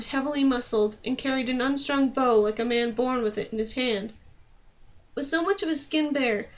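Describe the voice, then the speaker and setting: A woman narrating a fantasy audiobook with expressive storytelling. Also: high-pitched.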